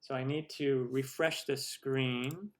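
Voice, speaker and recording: Man, middle-aged, live-stream host, chatty, rambling, mid-pitched voice, casual Q&A. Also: fairly even intonation, slow. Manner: rambling, chatty, many restarts and laughs.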